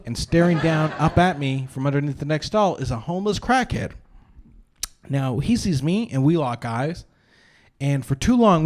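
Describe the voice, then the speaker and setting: Rambling young stand-up comic, fairly high voice. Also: male voice. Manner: rambling, self-deprecating storytelling with frequent "uh" and restarts. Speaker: stand-up comedian. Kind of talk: live stand-up comedy. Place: brewery comedy show, live crowd.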